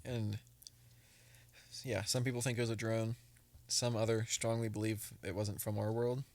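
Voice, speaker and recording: A man's voice: on the low side, little pitch movement, normal speed, darkish tone, no room sound. A young man hosting a casual podcast, joking and reading reports aloud to his friends. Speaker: podcast host.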